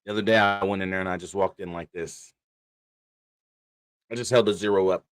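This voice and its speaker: A man hosting a sports podcast in casual chat, animated, laughing often and trash-talking rivals. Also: low voice, brisk, clear, resonant tone, no room sound. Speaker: podcast host.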